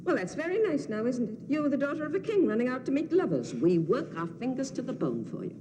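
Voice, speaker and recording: A fussing old nursemaid scolds and frets in a mellow, darkish voice that swoops up and down. The delivery is film-drama acting, doting underneath the nagging. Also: female voice, sits high, fast, long reverb tail, a little hiss or hum. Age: older. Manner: scolding, fretful, lively sing-song.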